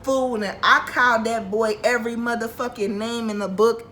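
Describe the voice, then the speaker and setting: Brief: young woman vlogger, storytime, bright sharp voice, profane, animated, worked-up delivery. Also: on the high side, moderate pace, hardly any pauses, a little hiss or hum, low-quality recording. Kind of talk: storytime vlog.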